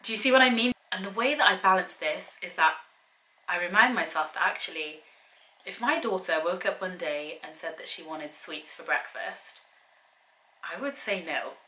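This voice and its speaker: A woman's voice: on the low side, moderate pace, bright, forceful tone. A young woman giving a casual, earnest motivational talk to her viewers, chatty and full of direct challenges. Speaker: fitness and wellbeing vlogger. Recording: echoey room, faint background hiss.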